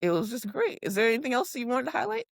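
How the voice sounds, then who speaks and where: A woman co-hosting a podcast in casual chat, animated and laughing, swearing freely and acting out quotes. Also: a little high, fast talker, creaky, dry recording, clean studio sound. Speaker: podcast co-host. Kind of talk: casual chat recapping reality TV.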